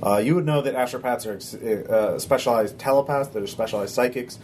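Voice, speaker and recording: A man running a tabletop game as game master, describing scenes in a relaxed way with many filler sounds. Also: mid-range voice, fairly quick, slight background noise.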